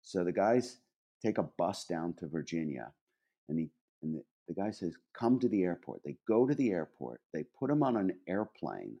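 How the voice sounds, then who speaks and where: Fifties male podcast guest with a very low voice; animated raconteur, chatty and restart-prone. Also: normal speed, vocal fry, lo-fi sound. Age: 50s. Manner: animated, laughing anecdote teller with many restarts. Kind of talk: casual storytelling.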